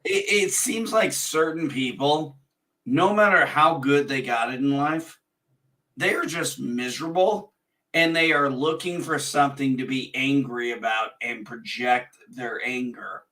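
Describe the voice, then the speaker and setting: A man's voice: medium pitch, unhurried, bright, forceful tone, recorded from a distance. A man co-hosting a casual movie chat, rambling with lots of fillers and laughing easily. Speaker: movie review podcast co-host.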